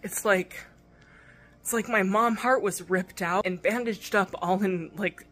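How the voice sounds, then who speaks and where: A woman's voice: mid-range voice, moderate pace, a bit bright. A young woman and mother telling a story in a casual vlog, candid and emotional, rambling with fillers and restarts. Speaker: vlogger and mother.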